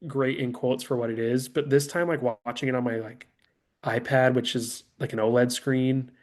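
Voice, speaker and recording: A man in a casual film podcast chat, animated, acting out movie lines and swearing casually. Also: mid-range voice, normal speed. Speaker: podcast co-host.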